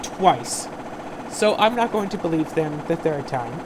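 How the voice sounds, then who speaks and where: A woman's voice: deep voice, expressive, unhurried, noisy background. A young woman hosting a game playthrough, rambling and venting in a frustrated, sarcastic way as she plays. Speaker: let's play host. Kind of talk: casual commentary while gaming.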